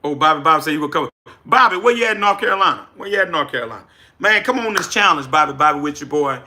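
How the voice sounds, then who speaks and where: Bright, lively Louisiana man hosting a livestream. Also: a little high, quick pace. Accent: Southern US, Louisiana. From South Louisiana. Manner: energetic, reads chat names aloud, preacherly repetition. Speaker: livestream host, business coach. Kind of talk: casual livestream chat.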